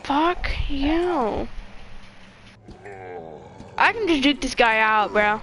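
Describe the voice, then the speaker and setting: A young woman plays through a game and keeps up a running commentary, cursing and talking to herself. She speaks slowly and sits a little above the usual pitch. A faint hiss runs underneath. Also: expressive, a bit bright. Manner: swears constantly, talks to herself and the screen. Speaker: gamer. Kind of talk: gameplay commentary.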